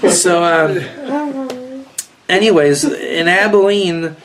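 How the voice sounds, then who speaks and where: Man, South African accent, rabbi, casual storytelling, rambling, chuckling, slightly high voice. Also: expressive, extremely slow, a crowd in the background. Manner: rambling, chuckling, many restarts.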